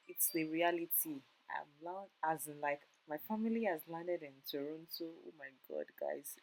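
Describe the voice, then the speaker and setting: A woman's voice: low voice, big pitch swings, normal speed, few pauses, a little mellow, slight background noise, low-quality recording. A woman narrating her family's travel vlog in a casual, emotional way, often repeating herself. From Nigeria. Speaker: vlogger.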